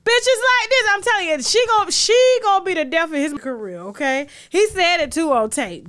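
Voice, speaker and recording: A woman's voice: very high-pitched, expressive, normal speed, hardly any pauses, a bit bright, no room sound, clean studio sound. A woman hosting a gossip commentary show, ranting in a brash, profane, rhetorical way. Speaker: host.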